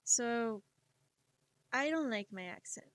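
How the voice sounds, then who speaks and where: A woman's voice: a little high, animated, slow, a bit bright, dry recording. A young woman with a Spanish accent, chatting casually on a stream while she draws, rambling and poking fun at herself. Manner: rambling, self-deprecating, laughs often.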